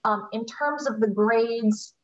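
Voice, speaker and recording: A woman's voice: on the high side, slow, far from the mic, muffled recording. A woman, a parent, asking a hesitant question from the audience. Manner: hesitant, with fillers.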